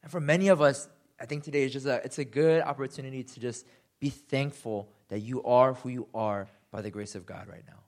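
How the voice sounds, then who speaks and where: A young man preaching a sermon, animated and self-deprecating, acting out quotes with sudden jumps in pitch. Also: a little fast. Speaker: pastor.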